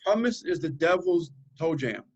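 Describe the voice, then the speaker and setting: A man co-hosting a podcast who throws in quick joking quips in casual banter. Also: a little high, lively intonation, highs cut off. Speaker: podcast co-host.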